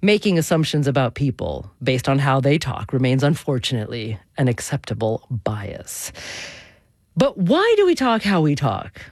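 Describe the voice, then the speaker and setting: A woman hosting a public radio talk show, speaking articulately in a clear studio voice. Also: extremely low pitch, big pitch swings, moderate pace, darkish tone, dry recording. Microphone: studio microphone.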